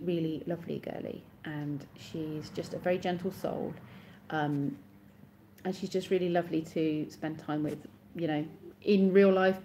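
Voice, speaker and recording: A woman in her thirties chats casually on a live stream, responding to viewers' comments as they arrive. Her voice is deep and warm, with a little background noise.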